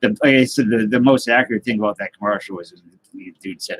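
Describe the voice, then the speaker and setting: A man's voice: on the low side, quick pace, a bit bright, breathy edge, poor audio. A man hosting a casual live stream, rambling loosely and greeting viewers by name as he reads their comments. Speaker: livestream host.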